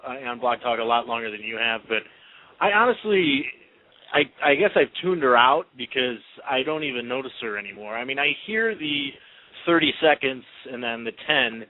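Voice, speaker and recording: A man's voice: mid-range voice, expressive, normal speed. A man co-hosting a casual hockey radio chat, rambling and hesitant with many fillers. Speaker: blog podcast co-host. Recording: tinny phone line.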